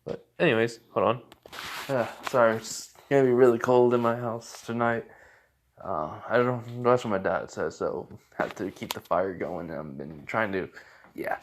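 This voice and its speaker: A man's voice: on the low side, moderate pace, slight background noise. A young man at home improvising a fan-fiction story, rambling with many fillers and little chuckles.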